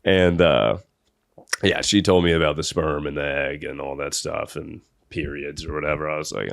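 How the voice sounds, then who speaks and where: A man's voice: rumbling low, steady tone, normal speed, gravelly, no echo, clean studio sound. A young man hosting a podcast, telling a comedic story in a rambling way and often laughing through it. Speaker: podcast host.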